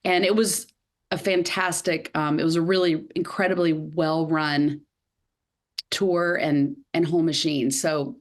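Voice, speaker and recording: A woman in her fifties with a Southern US accent, a podcast guest telling her career story in a lively way with many fillers. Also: low-pitched, unhurried. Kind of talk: podcast interview.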